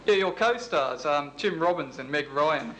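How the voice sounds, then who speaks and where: A man with an Australian accent hosting and interviewing a guest in a brisk, mock-serious way. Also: on the high side, expressive, a bit bright, slight background noise, poor audio. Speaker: host.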